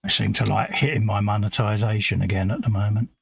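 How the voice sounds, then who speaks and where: A man's voice: lowish voice, fairly even intonation, fast, gravelly, a little hiss or hum. A middle-aged man, co-hosting a casual live stream and chatting in easygoing, matey banter while he paints. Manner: chatty, matey banter, says "mate" constantly. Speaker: co-host.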